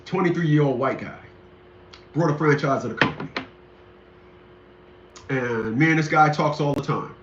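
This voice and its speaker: A man's voice: on the high side, moderate pace, long pauses, slight background noise. A man delivering a rambling, indignant ranting monologue, repeating himself often. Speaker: commentator. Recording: echoey, dull lo-fi room sound.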